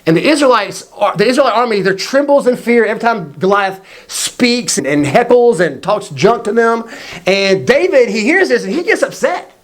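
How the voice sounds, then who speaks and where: High-voiced man telling a Bible story. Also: normal speed. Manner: energetic, casual, acts out the quotes. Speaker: youth faith video teacher.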